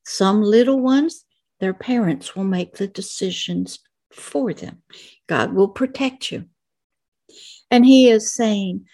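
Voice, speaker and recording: A woman's voice: on the high side, a little mellow. A woman in her late sixties, a pastor, reading scripture verses and explaining them in an earnest sermon for children. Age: 60s. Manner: slow, earnest, reads verses then explains.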